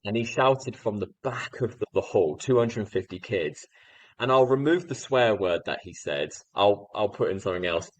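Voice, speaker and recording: A man in his thirties from the UK, a guest telling a teaching story in animated anecdotal style. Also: on the low side, moderate pace, no room sound, rough recording. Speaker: guest speaker. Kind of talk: storytelling in a podcast interview.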